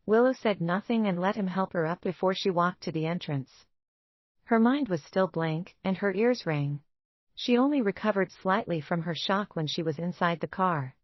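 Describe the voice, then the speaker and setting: A woman giving scripted romance narration in an even, steady reading. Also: on the low side, normal speed, no echo, dull audio.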